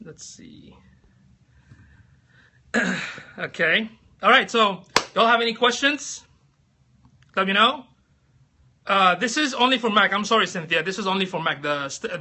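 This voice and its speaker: Bright-voiced chatty man on a livestream. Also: high-pitched. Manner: chatty, laughs often, greets viewers by name. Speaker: livestream host. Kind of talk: casual livestream chat.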